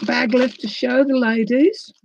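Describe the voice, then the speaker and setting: A woman's voice: fairly high pitch, steady tone, a little slow, gravelly, highs cut off, a little hiss or hum. A woman hosting a casual live crafting unboxing, gushing and tearful as she talks to viewers. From New Zealand. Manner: gushing, emotional, exclaiming. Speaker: crafting livestream host.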